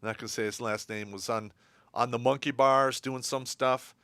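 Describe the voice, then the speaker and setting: Laughing storyteller, a bright-voiced man. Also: medium pitch, moderate pace, smooth, no room sound. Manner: animated storyteller, laughs through his punchlines. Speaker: co-host. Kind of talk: casual livestream chat.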